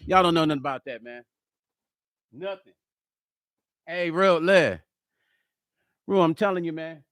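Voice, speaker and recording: A middle-aged man, a musician and producer, chatting casually in a vlog while he builds a track, excitable and slangy, forever saying hold on. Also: fairly high pitch, a little slow, pauses often, faint music behind. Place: music studio.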